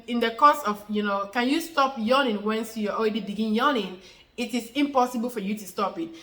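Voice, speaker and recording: A woman's voice: a little high, sharp tone, poor audio. A woman explaining a health topic to her viewers in a loose, informal way, restating each point several times with fillers. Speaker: health educator answering questions. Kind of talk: informal explanatory talk to camera.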